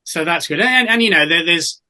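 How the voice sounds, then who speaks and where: A man's voice sits a little high and sounds bright and forceful. He is a chatty storyteller in a relaxed interview, looping back through fillers and false starts as he goes. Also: fairly quick. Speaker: guest, actor and voiceover artist. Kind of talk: casual interview anecdotes.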